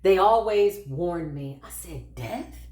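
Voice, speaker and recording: A woman spiritual practitioner telling stories in a casual, sassy, animated way, laughing often and acting out what people said. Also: on the low side, takes it slowly. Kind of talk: casual storytelling monologue. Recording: roomy echo.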